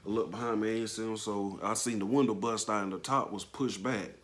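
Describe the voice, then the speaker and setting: A man casually recounting a personal story, halting and slangy, with plenty of emotion. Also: lowish voice, fairly even intonation, slight background noise. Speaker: vlogger telling a personal story.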